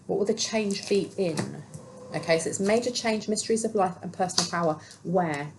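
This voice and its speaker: A woman's voice: fairly low pitch, normal speed, gravelly, noisy background. A woman giving a casual collective tarot reading. She rambles with many fillers and talks to herself while she handles the cards. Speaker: tarot reader.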